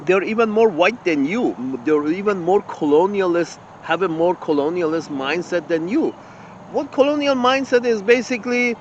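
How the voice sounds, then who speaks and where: High-voiced man ranting outdoors, indignant. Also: moderate pace, dull audio, a little hiss or hum. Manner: indignant and profane, with stumbling restarts. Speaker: channel host. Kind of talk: ranting open-letter monologue.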